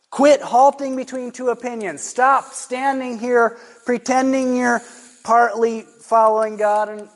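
A man preaching a sermon in an emphatic, conversational way, slowing down to stress his points. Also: very high-pitched.

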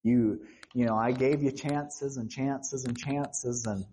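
Woman voicing a low, flippant male God in a mocking aside; dismissive and smug. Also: fairly even intonation, takes it slowly, warm tone, slight background noise, poor audio.

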